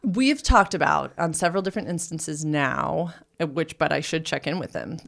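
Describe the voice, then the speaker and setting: A woman's voice: sits low, moderate pace, vocal fry. A woman hosting a casual podcast as a sexuality educator, telling a funny story with lots of laughter. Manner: storytelling, laughing often, animated.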